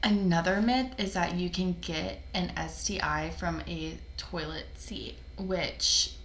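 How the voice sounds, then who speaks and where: A young woman chats casually as a podcast co-host, giggly and full of filler words. Her voice is bright and a little low for a woman. She is recorded in an echoey room with faint noise behind her. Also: steady tone, slow pace. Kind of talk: casual chat.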